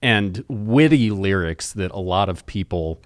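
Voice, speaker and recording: A man's voice: low voice, lively intonation, measured pace, dry recording, clean studio sound. A man co-hosting a podcast, chatting casually and thoughtfully about music, rambling with restarts. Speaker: podcast co-host.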